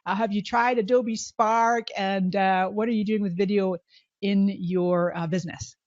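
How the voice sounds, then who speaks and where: A middle-aged woman with a Scottish accent softened by years in California, hosting a live video training with bubbly, quick talk and frequent laughs. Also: mid-range voice, fairly even intonation, no room sound. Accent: Scottish with some Californian. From Scotland. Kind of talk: live-stream webinar hosting. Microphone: video call microphone. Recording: dull, lo-fi web call audio.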